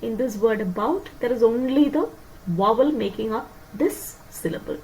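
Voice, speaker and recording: A woman teaching a phonetics lesson, repeating points and asking her students quick questions to check they follow. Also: fairly high pitch, a little mellow, slight background noise, poor audio. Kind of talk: lecture on phonetics.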